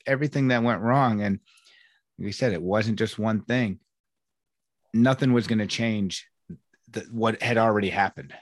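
A man's voice: mid-range voice, no room sound, studio quality. A man hosting a podcast as a coach, talking casually and rambling with frequent restarts. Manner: rambling, with many restarts and "I mean". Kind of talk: casual conversation.

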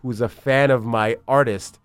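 At medium pitch and a measured pace, a thirtysomething basketball agent gives a casual interview, his tone clean and free of echo. His storytelling is rambling, animated and full of profanity.

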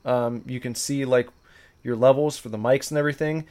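A man's voice: medium pitch, fairly even intonation, brisk, a little mellow. A man co-hosting a podcast, chatting loosely and rambling with fillers. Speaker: podcast co-host. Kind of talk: casual podcast chat.

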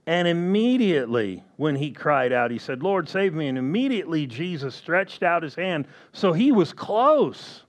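A man preaching a sermon slowly and emphatically, often asking the congregation questions. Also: on the high side, very animated.

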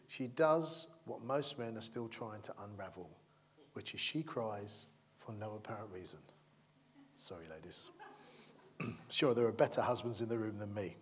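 A man preaching a sermon in a chatty, humorous way, checking in with the congregation and acting out the figures in his stories. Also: lowish voice. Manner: conversational, keeps asking the congregation "yeah?"; acts out the crowd and characters in the stories.

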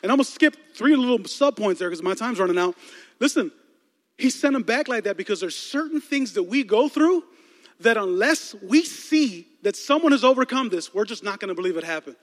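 High-pitched man, preaching, playful storyteller, does voices, echoing hall. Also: a little fast. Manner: lively, playful, acts out movie scenes with voices. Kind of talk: animated sermon storytelling.

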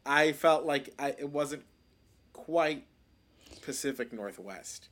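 A man co-hosting a film podcast, relaxed and casual, his sentences often trailing off. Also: fairly high pitch, takes it slowly. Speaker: podcast co-host.

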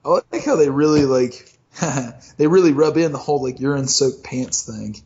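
A man's voice: medium pitch, expressive, moderate pace, a little mellow. A man co-hosting a casual comedic podcast chat, joking and swearing with frequent laughs. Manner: laughing, swearing, jokey asides. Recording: dull lo-fi recording.

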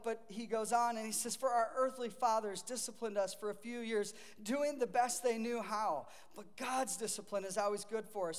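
A middle-aged male pastor preaching a sermon in a conversational way, acting out the voices he quotes. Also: very high voice. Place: church sanctuary. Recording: long reverb of a large hall.

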